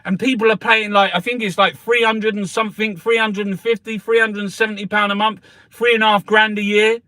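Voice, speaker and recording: A man's voice: high voice, little pitch movement, a little fast, sharp tone, no room sound. A middle-aged man, ranting in angry, heavily sworn commentary as he reviews the newspapers. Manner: angry, sweary, heated rant.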